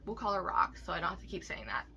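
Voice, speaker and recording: A woman's voice: fairly low pitch, big pitch swings, fast, bright, forceful tone, a little hiss or hum. A young woman vlogger telling a personal story in a candid, casual rant, swearing often and leaning on fillers and tag questions.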